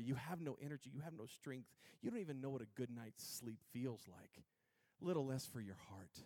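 A male pastor giving a casual, conversational sermon, swinging from hushed, intimate lines to loud, emphatic ones and getting the congregation to repeat words after him. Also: medium pitch.

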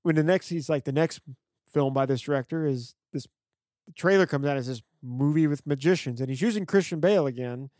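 A man co-hosting a movie podcast, chatting casually about films with relaxed, filler-heavy talk. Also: on the high side, fairly quick, no echo, studio quality. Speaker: podcast co-host. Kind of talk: casual film discussion.

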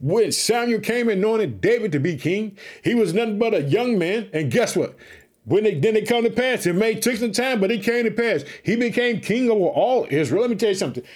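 A man preaching an energetic podcast sermon, fervent and repetitive, calling his listeners family and shouting hallelujah. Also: sits high, brisk. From Chicago, United States. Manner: repeats catchphrases, calls listeners family.

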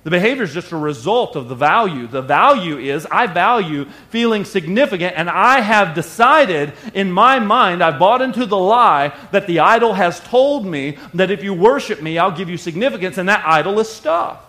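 A man's voice: high voice, animated, moderate pace, hardly any pauses, pushed and bright. A man preaching a conversational sermon and acting out the voices of everyday people. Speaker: pastor.

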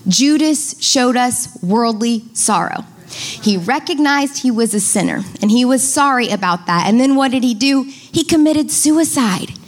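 A woman pastor preaches a sermon in church, stretching key words for emphasis, speaking straight to the congregation and asking them to repeat after her. Her voice is a little high and animated, with a slightly slow delivery.

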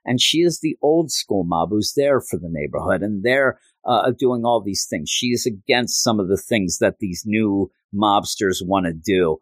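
A man's voice: lowish voice, measured pace, few pauses, dry recording. A man hosting a podcast, recapping a comic book story in an earnest, rambling way with many fillers. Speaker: podcast host.

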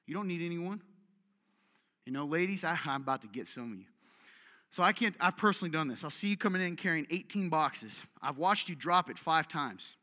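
A man's voice: a little high, lively intonation, brisk, sharp tone. A male pastor preaching a conversational sermon, joking with his audience and acting out the voices he quotes. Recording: long hall reverb.

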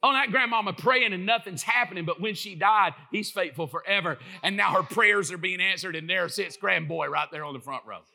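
A middle-aged man preaching an impassioned sermon, often rising to shouts. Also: sits high, brisk, creaky, few pauses.

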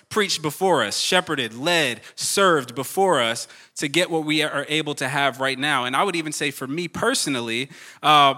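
A man on stage introducing the main speaker, sharing an earnest personal story in a very bright, forceful voice. He builds up to loud, hyped calls for the crowd to stand. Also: fairly high pitch. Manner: earnest, building to shouted hype. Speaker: young adults pastor introducing the speaker. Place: large church auditorium.

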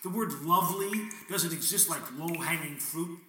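A man speaks a theatrical monologue to God, questioning and wry and prone to sudden swearing, his fairly high voice pushed and bright at a moderate pace. It's recorded in an echoey room from a distant mic, with faint noise.

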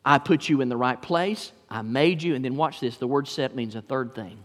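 A man's voice: mid-range voice, normal speed. A man preaching a sermon as pastor, emphatic, repeating lines and calling out to the congregation. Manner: emphatic preaching with repetitions and call-outs. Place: church sanctuary. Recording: long hall reverb.

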